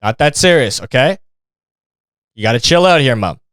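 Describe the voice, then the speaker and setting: A man's voice: medium pitch, lively intonation, moderate pace, noisy background. A man hosting a podcast, reacting to videos in a casual, profane and mocking rant. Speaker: podcast host.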